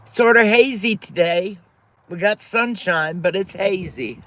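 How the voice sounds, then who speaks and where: A woman's voice: mid-range voice, unhurried, fairly bright tone. A woman hosting a livestream, chatting affectionately with viewers by name and pet names. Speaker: livestream host. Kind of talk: casual chat with viewers.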